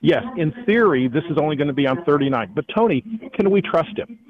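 A man's voice: on the high side, lively intonation, fast talker, highs cut off. A man calling in from an airport as the economist guest on a radio interview, speaking emphatically and with indignation. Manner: emphatic, indignant, repeats the host's name. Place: airport, calling in while traveling.

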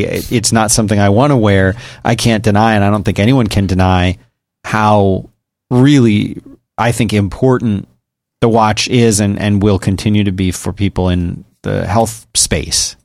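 Male podcast co-host, lowish voice, earnest and rambling, dry close mic. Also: darkish tone, no room sound. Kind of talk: casual tech podcast chat.

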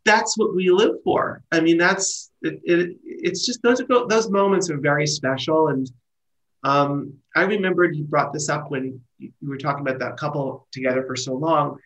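A middle-aged man, a wedding planner and guest, telling stories in casual conversation with lively restarts and trailing phrases. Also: a little high, moderate pace, poor audio. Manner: animated storyteller, trailing restarts.

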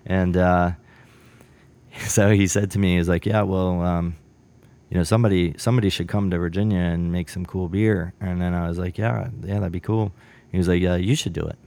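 A man's voice: sits low, steady tone, normal speed, darkish tone. A man brewer telling a story in a casual interview, rambling with many fillers and acting out bits of dialogue.

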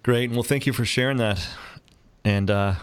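A man's voice: medium pitch, moderate pace, smooth. A man hosting a podcast, upbeat and joking, using many fillers as he asks questions. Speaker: podcast host.

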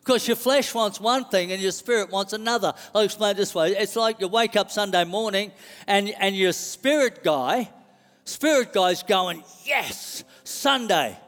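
High-voiced preacher repeating his points. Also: normal speed, in a large hall. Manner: animated storytelling, repeats phrases. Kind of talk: sermon.

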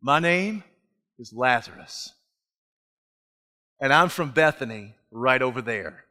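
A man preaching in character as a jubilant man just raised from the tomb, telling his story in first person and building to shouts. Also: mid-range voice, expressive, takes it slowly, pitched below the performer's own voice. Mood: wry, storytelling. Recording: long reverb of a large hall.

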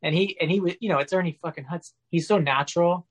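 Animated, swearing podcast guest. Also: male voice, on the high side, fast, slightly rough. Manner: animated, profane, riffing. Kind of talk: casual movie chat.

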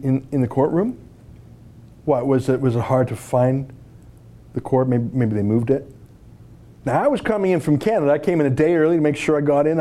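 A man's voice: on the high side, mellow. A man giving sarcastic political commentary, indignant and mocking, full of rhetorical questions.

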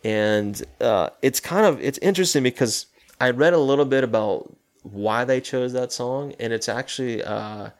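A man's voice: mid-range voice, moderate pace. A man co-hosting a casual film talk, retelling a horror movie scene by scene and acting out its lines. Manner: loose retelling, acts out quoted lines. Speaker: podcast co-host.

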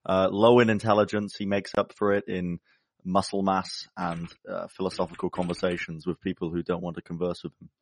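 A man's voice: low-pitched, level tone, fairly quick, a little hiss or hum. A man introducing his character in a laid-back, self-mocking way. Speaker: player. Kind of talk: casual chat.

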